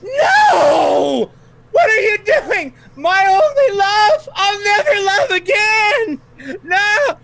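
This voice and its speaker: A man's voice: very high-pitched, sing-song, drawn-out words, creaky, shouting, very noisy, voice pushed up, heavily acted. A man voicing a lovestruck female enemy who shrieks and sobs over her fallen love in a tabletop game. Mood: anguished wailing. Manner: shrieking, sobbing melodrama.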